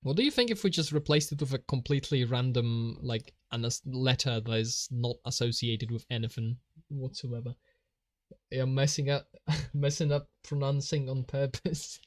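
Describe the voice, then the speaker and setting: A man's voice: medium pitch, moderate pace, dry recording. A young man with a Polish accent, chatting casually on a drawing stream, laughing often. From Poland. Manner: giggly, laughs often, reads out chat. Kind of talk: casual live-stream chat while drawing.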